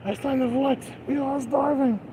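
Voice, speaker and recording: Guy doing a stern viking chief voice, pitched up high, theatrical, street noise all around. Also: fairly even intonation, moderate pace, mellow, poor audio.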